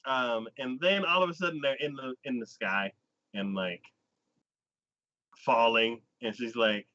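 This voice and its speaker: A man with a bright, forceful voice chats casually through an anime recap, rambling and restarting, filling gaps with "like". The sound is dry and close, but dull and lo-fi. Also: mid-range voice, dry recording. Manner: rambling, heavy use of "like", quick restarts. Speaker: anime podcast host. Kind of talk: casual chat recapping a show.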